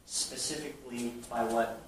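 A man's voice: medium pitch, flat delivery, normal speed. A man preaching a sermon to his congregation, emphatic and full of rhetorical questions. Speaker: pastor. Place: church sanctuary. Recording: very echoey room from far off with faint noise.

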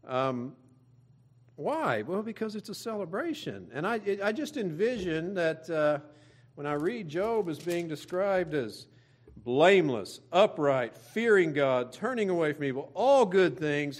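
A man's voice: on the high side, sing-song, unhurried. A man preaching a sermon in a conversational way, with frequent asides and fillers. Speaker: pastor.

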